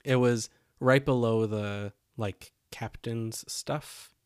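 A young man co-hosting a podcast tells a story casually and animatedly, acting out what people said. His mid-range voice is smooth and unhurried, captured in a dry, studio-quality recording.

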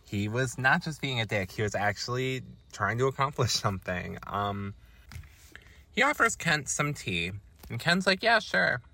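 A man's voice: medium pitch, big pitch swings, normal speed, pushed and bright. A man hosting a podcast, recapping a film in a loose, profane, casual way with many ums and likes.

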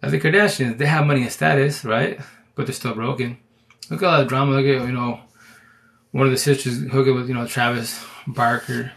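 A man's voice: medium pitch, fairly even intonation, brisk, vocal fry, a bit bright. A man hosting a live stream, giving rambling, slang-heavy advice in casual chat.

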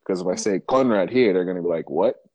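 A man from Africa speaking in a relaxed, reflective way during a casual group conversation. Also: sits low, fast talker, dry recording, lo-fi sound.

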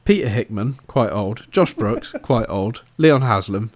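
A man's voice: lowish voice, lively intonation, a little slow. A man co-hosting a casual podcast, chatting and teasing his co-host in easygoing banter. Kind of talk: casual chat.

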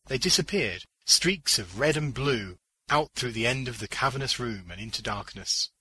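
Male narrator, husky, very bright tone, slow measured pace, dry close-miked sound, audiobook fiction. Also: mid-range voice, expressive, no echo, poor audio. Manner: measured, deliberate storytelling.

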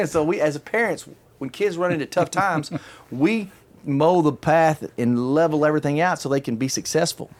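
A middle-aged man hosting a casual chat, telling a long story in an animated, chatty way and laughing often. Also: fairly high pitch, moderate pace. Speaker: podcast host telling a story.

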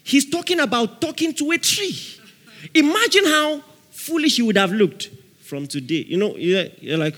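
A man preaching with a bright, high-pitched, very lively voice. He acts out voices in his stories and shouts example prayers. His voice rings through a hall with long reverb. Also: moderate pace. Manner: animated preaching, acting out quotes, laughing, shouting prayers. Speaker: pastor. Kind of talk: sermon.

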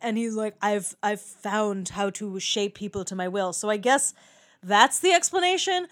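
A woman's voice: mid-range voice, moderate pace, fairly bright tone. A woman in a casual movie discussion, chatty and swearing freely, laughing often and acting out quoted lines. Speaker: podcast co-host.

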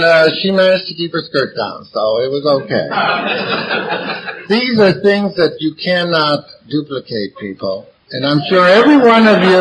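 A man with a fairly high voice gives a live recovery talk to an audience gathered in a meeting room. He is blunt and profane and hammers his points with repetition, and the background is noisy.

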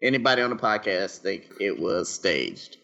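A man's voice: deep voice, sing-song, moderate pace, gravelly, sharp tone, muffled recording. A man co-hosting a casual podcast chat, teasing and correcting the others. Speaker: podcast co-host.

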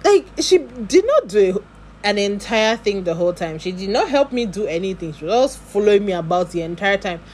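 A woman's voice: mid-range voice, very animated, moderate pace, a little mellow, a little hiss or hum. A woman with a Nigerian accent, telling a long story in a casual vlog and full of asides and acted-out dialogue. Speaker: vlogger.

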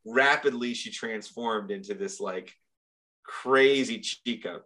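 A man telling a long story in casual talk, rambling, profane and animated. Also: mid-range voice, takes it slowly.

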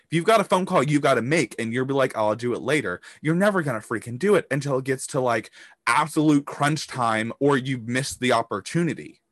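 A man's voice: mid-range voice, animated, fairly quick, fairly bright tone, dry recording, studio quality. A man hosting a motivational business podcast, talking emphatically, swearing casually and acting out hyped-up voices. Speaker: podcast host and business coach.

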